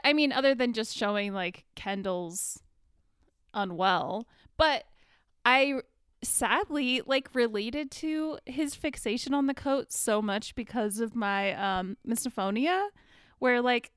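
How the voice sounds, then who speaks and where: A woman chatting casually about a TV show, animated and full of fillers. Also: a little high, smooth, dry recording, clean studio sound. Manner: animated, lots of fillers and laughs.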